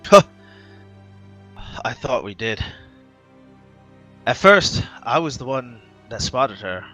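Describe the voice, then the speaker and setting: A man's voice: mid-range voice, sing-song, takes it slowly, sharp tone, faint music behind, full character voice. A man voicing an older male town master of arms who speaks bluntly and matter-of-factly. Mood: stern.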